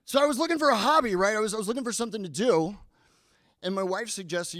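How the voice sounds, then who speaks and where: Doing stand-up at a comedy club, a man in his thirties mocks himself and stammers toward the punchlines. His voice sits high and a bit bright, his pace is quick, and the recording is dry.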